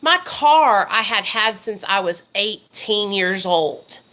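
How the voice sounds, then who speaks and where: Woman in her thirties, bright voice, swears a lot, casual storytime to viewers. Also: mid-range voice, expressive, slow. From Arkansas, USA. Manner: profane, emphatic, talks straight to viewers. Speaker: vlogger.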